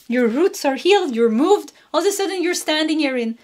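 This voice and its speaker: A woman's voice: sits high, animated, brisk, darkish tone. Chatty woman giving a tarot reading. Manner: chatty, laughs often, repeats phrases. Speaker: tarot reader. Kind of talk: casual pick-a-card tarot reading.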